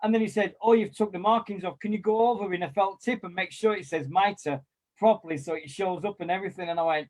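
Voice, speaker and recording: A man, chatting casually and telling lively anecdotes with mild swearing and quoted voices. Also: high-pitched, fast. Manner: animated storyteller, mild swearing, acts out quotes. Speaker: former club volunteer and kit man.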